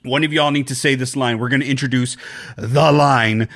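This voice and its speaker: A man co-hosting a casual podcast, talking in an animated, excitable way and swearing freely. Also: moderate pace. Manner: animated, excitable, swears, jumps to high pitch when quoting. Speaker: podcast co-host.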